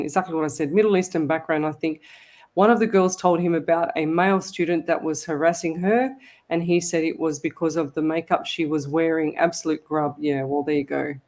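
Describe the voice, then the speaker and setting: A woman hosting a live psychic radio show, reading listener comments aloud and giving readings with hesitant pauses. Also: sits low, a little mellow. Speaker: psychic medium host.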